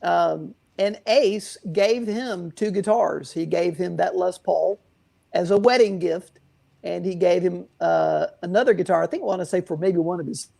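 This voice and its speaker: This guitar shop owner has a high-sitting, creaky, mellow voice. In a casual storytelling interview, he answers questions with long, rambling tales packed with fillers and restarts.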